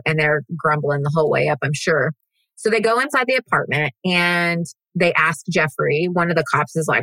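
A woman's voice: low voice, moderate pace, pushed and bright, no room sound, rough recording. A woman hosting a podcast, telling a true-crime story in a casual, blunt and profane way. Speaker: podcast host.

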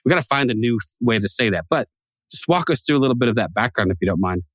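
A man's voice: medium pitch, lively intonation, quick pace, a bit bright, dry recording. Joking, rambling podcast co-host man. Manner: joking, rambling, laughs often. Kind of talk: casual chat.

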